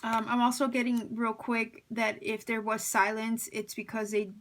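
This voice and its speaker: A woman's voice: a little high, monotone, normal speed. A woman with a slight lisp giving a pick-a-card tarot reading, musing and hesitant, with many fillers and restarts. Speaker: tarot reader.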